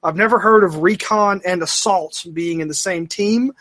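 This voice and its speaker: A man with a fairly high voice on a casual gaming podcast chat. His tone is bright and forward, and he rambles through fillers and restarts. He tells animated, self-mocking stories. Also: normal speed, dry recording. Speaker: podcast co-host.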